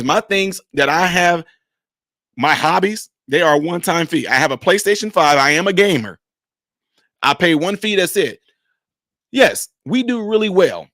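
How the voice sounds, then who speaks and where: A man hosting his own vlog from his home man cave, telling stories to viewers in an animated, chatty way. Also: on the high side, no room sound, clean studio sound. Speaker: vlogger, channel host. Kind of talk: casual vlog talk to viewers.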